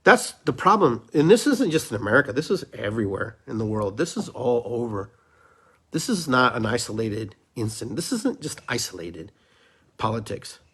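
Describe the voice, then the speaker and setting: A man's voice: medium pitch, sing-song, moderate pace, a bit bright, slightly rough. A middle-aged man hosting a solo podcast, talking fervently and preachily, repeating phrases for emphasis. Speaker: podcast host. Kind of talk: impassioned solo podcast monologue.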